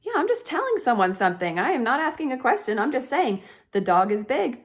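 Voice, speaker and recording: Woman, teacher, early-grade lesson, sounds out words slowly, encouraging. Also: sits high, big pitch swings. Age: adult.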